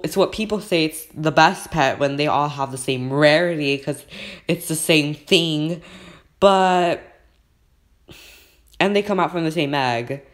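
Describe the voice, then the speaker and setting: A man hosting a casual gameplay video, talking excitedly and repeatedly saying how nervous he is. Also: a little high. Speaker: gaming channel host.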